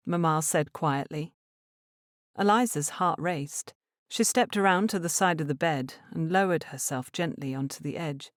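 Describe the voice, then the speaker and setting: A woman narrating a romance novel in a measured, expressive way. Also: deep voice, dry recording, clean studio sound. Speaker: audiobook narrator. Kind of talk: scripted narration.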